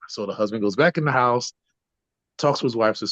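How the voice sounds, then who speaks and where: This podcast guest, a trainer, has a fairly low, slightly bright voice and talks fairly quickly with no echo. He explains ideas in a conversational style, regularly adding "right?" to check in, and the recording is dull, lo-fi, and dry.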